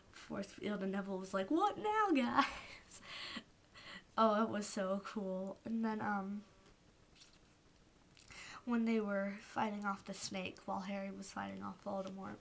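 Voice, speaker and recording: A woman vlogger ranting casually to the camera as a fan, gushing and emotional, often dropping into soft whispers. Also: mid-range voice.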